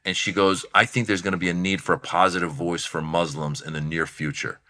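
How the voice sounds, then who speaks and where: Man, comedian, from Iran, low-ish voice, very bright and forceful, animated storyteller. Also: fairly quick. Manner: animated, acts out voices in anecdotes. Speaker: comedian guest. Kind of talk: casual storytelling chat.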